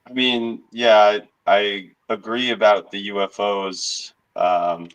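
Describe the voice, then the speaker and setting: A man in a casual group discussion who sounds skeptical and halting. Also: fairly low pitch, little pitch movement, a bit bright, lo-fi sound.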